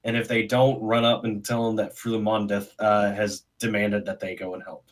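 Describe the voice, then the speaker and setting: A man playing in a tabletop game, planning out loud in a hesitant way with many fillers. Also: on the low side, little pitch movement, moderate pace. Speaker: player. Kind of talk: casual tabletop role-play.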